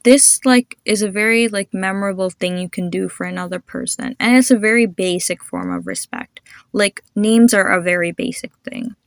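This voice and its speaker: A woman's voice: medium pitch, big pitch swings, vocal fry, dry recording, clean studio sound. Encouraging young woman teaching pronunciation. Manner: encouraging, patient, demonstrates sounds slowly. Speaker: podcast host teaching name pronunciation. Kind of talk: instructional podcast.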